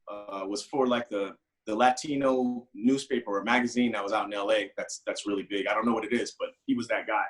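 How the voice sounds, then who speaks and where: A man, a guest musician, telling a story in casual talk and acting out the people he quotes with big jumps in pitch. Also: a bit bright.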